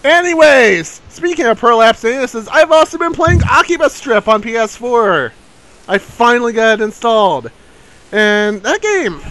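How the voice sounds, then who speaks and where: High-voiced, excitable male host. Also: poor audio. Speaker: show host. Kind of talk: casual podcast chat.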